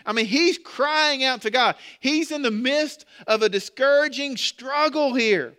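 A man's voice: extremely high pitch, a little slow, hardly any pauses, pushed and bright, clear, resonant tone. A man preaching a sermon in a conversational way, repeating words and asking the congregation rhetorical questions. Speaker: pastor.

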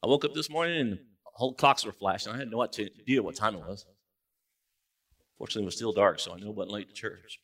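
A man preaching a sermon as pastor in a church, in a relaxed conversational way with joking asides. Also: fairly low pitch, quick pace. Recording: distant mic in a church.

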